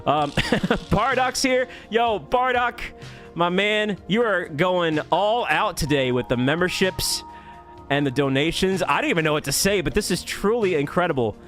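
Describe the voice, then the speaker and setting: Upbeat high-voiced man greeting a chat. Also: lively intonation, faint music behind. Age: adult. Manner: upbeat, rapid shout-outs with laughs. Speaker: YouTube streamer. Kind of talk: live stream chat greetings.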